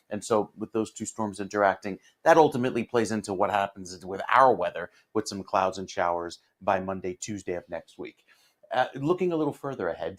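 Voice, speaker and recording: A man, a meteorologist giving a live morning weather forecast in a steady, explanatory way. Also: fairly low pitch. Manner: steady explanatory delivery with fillers.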